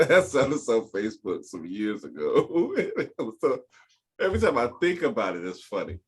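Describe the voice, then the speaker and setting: A man hosting a casual chat show, talking in an animated way, laughing often and swearing freely. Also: mid-range voice, moderate pace, husky. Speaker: podcast host.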